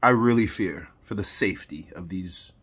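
A man co-hosting a commentary show, speaking with sarcastic, deadpan mockery. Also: low-pitched, normal speed, husky. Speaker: commentary channel co-host. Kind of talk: casual commentary.

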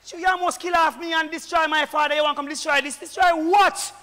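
A man with a Jamaican accent, a deacon preaching fervently at a church meeting, often shouting. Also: extremely high pitch, steady tone, fast. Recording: echoey church hall.

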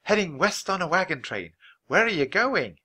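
A man's voice: sits high, big pitch swings, moderate pace, breathy edge, pitched above the performer's own voice, heavily acted. A man voicing a kindly, polite frontier schoolteacher woman in a children's storybook reading. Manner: gentle, polite, encouraging.

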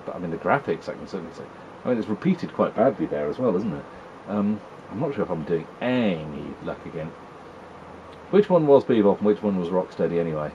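A man's voice: on the low side, dull audio, a little hiss or hum. A man giving wry, chatty commentary while playing an old video game, teasing the characters on screen. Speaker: retro gaming video host. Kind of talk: casual gameplay commentary.

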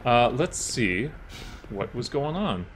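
A man's voice: medium pitch, very animated, slow, a little hiss or hum. A man casually commenting on his video game playthrough, joking and talking back to the characters on screen. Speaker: gaming channel host. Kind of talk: let's-play commentary.

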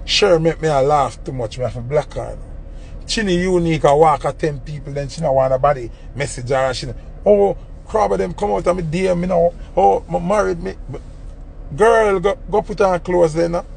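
Gravelly Jamaican man ranting. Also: fairly high pitch, moderate pace, a little hiss or hum. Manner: animated, mocking, complaining. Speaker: entertainer on a livestream. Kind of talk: casual livestream rant.

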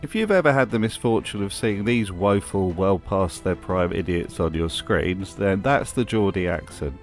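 Wry British man narrating, low voice. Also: lively intonation, normal speed, faint music behind. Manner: wry, mocking asides. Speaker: video essay host. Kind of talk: scripted commentary.

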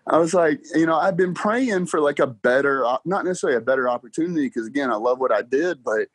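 A man's voice: a little high, no room sound. Young man, casual interview guest, laughing storyteller, dry close sound. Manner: excited, laughs often, talks fast with "like" and "bro". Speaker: guest car salesman.

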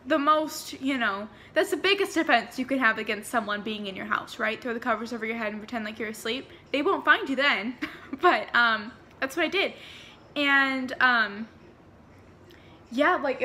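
A young woman vlogger tells a paranormal storytime in a casual, rambling way, with lots of fillers. Her voice sits high and sounds bright and forward. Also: a little hiss or hum. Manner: rambling, chatty, heavy on fillers.

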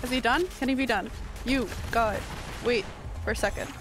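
A woman streamer giving live gameplay commentary, excitable, yelping and talking to herself as she plays. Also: on the high side, normal speed, music in the background. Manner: excitable, yelps and talks to herself while playing. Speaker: game streamer. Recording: steady background noise.

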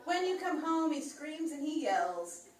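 A woman's voice: high-pitched, very animated, measured pace, echoey room, distant mic, a crowd in the background. A woman performing a crude, teasing rhymed roast poem at a comedy club, often laughing between lines.

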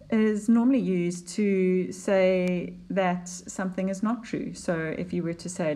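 A woman teaching a poetry lesson, explaining slides in an unhurried way with fillers and restarts. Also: mid-range voice, fairly even intonation, darkish tone.

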